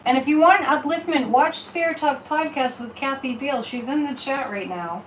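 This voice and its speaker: A woman's voice: high voice, moderate pace, far from the mic. A woman hosting a livestream psychic reading, talking casually and emphatically and repeating her points. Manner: animated and emphatic, repeating phrases. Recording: echoey room, from off mic, faint background noise.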